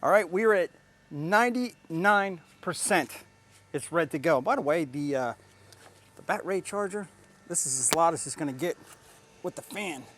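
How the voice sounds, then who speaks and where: A man's voice: on the high side, animated, moderate pace, slight background noise. A man casually reviewing and demonstrating a riding mower outdoors, chatty and enthusiastic, explaining each step. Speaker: tool reviewer. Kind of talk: casual product demo vlog. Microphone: camera mic, at times an action camera on the mower.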